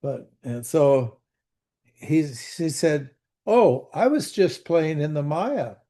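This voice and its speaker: Older male teacher, slow folksy delivery, mellow tone, video-call sound. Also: a little high, big pitch swings. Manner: folksy, asks the class questions, repeats words. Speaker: spiritual teacher. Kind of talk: conversational scripture teaching.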